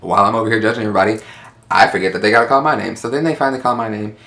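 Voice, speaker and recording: A young man telling a story in casual chat, sassy and animated, acting out quotes in high voices. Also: racing.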